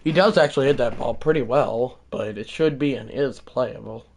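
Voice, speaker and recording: A man calling his own baseball video game like a broadcaster, shouting on big hits and rambling in self-mocking asides between plays. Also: mid-range voice, moderate pace. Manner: mock broadcaster calls that burst into shouting. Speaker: gaming streamer. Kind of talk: casual play-by-play of a video game.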